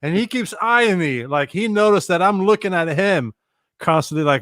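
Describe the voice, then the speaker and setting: A man telling a long story as a guest on a live chat show, animated and swearing freely as he acts out what people said. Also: on the high side, a little fast, dry recording, studio quality. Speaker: guest musician and former tour manager.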